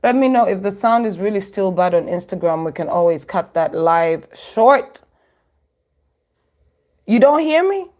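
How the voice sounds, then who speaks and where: A woman's voice: mid-range voice, lively intonation, unhurried, a little mellow. A woman from Uganda hosting a casual live stream from her phone, chatting to viewers and laughing often. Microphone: phone microphone.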